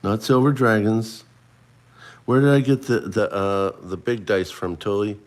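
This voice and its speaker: A man's voice: on the low side, fairly even intonation, a little slow. A middle-aged man hosting a casual livestream, chatting and running a trivia quiz for viewers he addresses by name. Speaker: livestream host.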